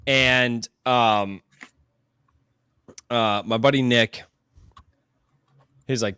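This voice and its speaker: Excitable swearing podcast host, dry sound. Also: male voice, medium pitch, clean tone, no room sound. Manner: excitable storyteller, heavy swearing. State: tired from a long sleepless day. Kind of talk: casual chat.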